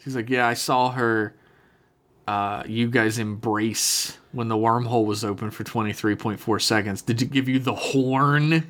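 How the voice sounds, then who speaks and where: A man's voice: medium pitch, steady tone, a little slow, a bit bright. A man co-hosting a casual podcast, crudely joking as he recaps an episode and acts out the characters' lines. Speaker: podcast co-host. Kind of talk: casual comedic recap chat.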